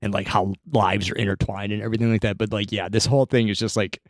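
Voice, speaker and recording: A man's voice: fairly low pitch, level tone, no echo, studio quality. A man co-hosting a podcast, recapping a TV scene in casual chat, often stumbling and restarting. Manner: halting, filler-heavy recap with frequent restarts. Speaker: podcast co-host recapping the episode.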